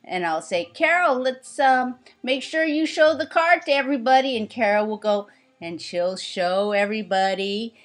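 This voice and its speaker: A woman voicing Shu, a sock puppet briskly planning a puppet show routine. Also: on the high side, animated, faint music behind, natural voice. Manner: brisk, directing, playful.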